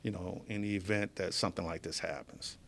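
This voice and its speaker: A man's voice: low-pitched, fairly even intonation, a little fast, gravelly, a bit bright. A man being interviewed as a guest in a studio, telling his story casually and with animation, often laughing as he talks. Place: media studio.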